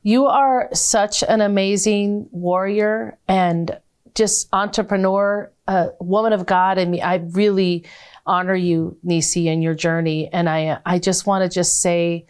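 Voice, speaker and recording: A woman's voice: fairly low pitch, steady tone, a little slow, a little mellow, smooth. A woman hosting a faith-based talk show, effusive and affectionate with her guest, full of exclamations.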